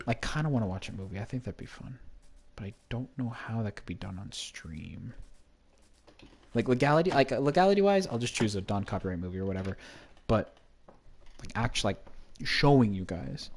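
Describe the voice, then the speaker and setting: A man's voice: lowish voice, lively intonation, moderate pace, creaky, long pauses, a little mellow, a little hiss or hum. A man streaming a block-building game, chatting casually and rambling to himself with jokes as he plays. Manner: rambling, jokey, talks to himself.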